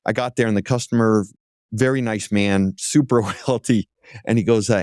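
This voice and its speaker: A man, an auto executive, is a guest on an interview show, telling lively stories and acting out other people's voices. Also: lowish voice, fairly quick, dry recording, studio quality. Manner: lively anecdote-teller who acts out other voices. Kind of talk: casual interview storytelling.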